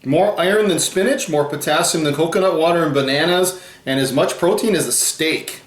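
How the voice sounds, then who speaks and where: A man's voice: fairly high pitch, fairly quick, roomy sound. A man hosting a food tasting video in casual chat, explaining facts he reads off the packaging. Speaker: host of a food challenge channel.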